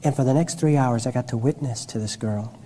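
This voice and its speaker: A man's voice: mid-range voice, fairly quick, dark tone. A man preaching a sermon who tells personal stories with frequent restarts and self-corrections.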